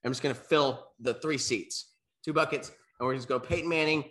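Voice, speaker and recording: A man's voice: medium pitch, fairly even intonation, brisk, a bit bright. A young man co-hosting a casual sports podcast, rambling and sometimes choking up with emotion. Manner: rambling, gets emotional and chokes up. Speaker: podcast co-host. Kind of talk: casual chat.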